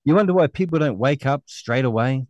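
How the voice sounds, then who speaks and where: A man's voice: medium pitch, lively intonation, a little fast, a little mellow, no room sound, dull audio. A middle-aged man with a New Zealand accent hosts an online show, ranting angrily and scornfully with a lot of swearing. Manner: angry, scornful, profane ranting. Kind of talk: ranting monologue.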